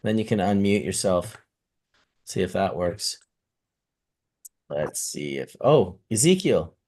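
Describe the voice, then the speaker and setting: A man's voice: low-pitched, sing-song, takes it slowly, a little mellow. Laid-back slangy man hosting a stream. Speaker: livestream host. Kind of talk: casual stream chat.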